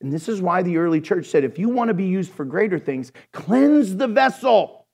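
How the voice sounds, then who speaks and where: Pastor, male, high-pitched voice, animated sermon delivery with folksy humor. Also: quick pace, slightly rough. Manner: animated preaching with folksy jokes.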